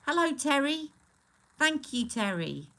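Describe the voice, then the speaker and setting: A woman's voice: high-pitched, big pitch swings, a little slow, sharp tone. A woman hosting a casual beauty live stream, chatting loosely and greeting viewers by name between product talk.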